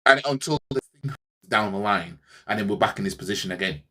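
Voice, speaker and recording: A man's voice: lowish voice, animated, brisk, bright, forceful tone. A man hosting a fan channel, ranting sarcastically in a heated football reaction, repeating himself as he goes.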